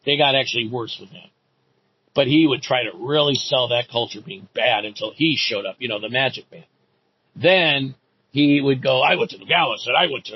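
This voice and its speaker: A man's voice: mid-range voice, breathy edge. A middle-aged man, a former coach, in an indignant, profane and sarcastic rant about a rival. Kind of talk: ranting monologue. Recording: dull lo-fi recording.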